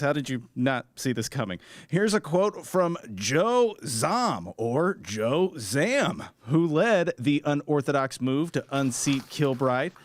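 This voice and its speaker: A man co-hosting a podcast, reading plugs and news items in a brisk, wry, upbeat way. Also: a little high, dry recording. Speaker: podcast co-host and producer. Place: podcast studio.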